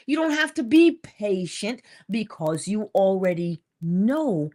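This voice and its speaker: Animated woman giving an inspirational talk. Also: mid-range voice, slow pace, hardly any pauses. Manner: emphatic, repeats key phrases, acts out little quotes; casual, laughs between points. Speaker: host.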